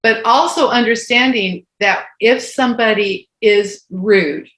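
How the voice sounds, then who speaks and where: Her voice leans high and unhurried as this sixty-something woman, co-hosting a relaxed conversation, recounts a personal story. She acts out each line of quoted dialogue with animation, in a recording with a roomy echo.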